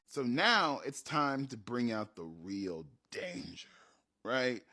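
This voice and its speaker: Man, casual storyteller, bright and swooping, tags lines with "right?". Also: mid-range voice, slow. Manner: animated, tags sentences with "right?".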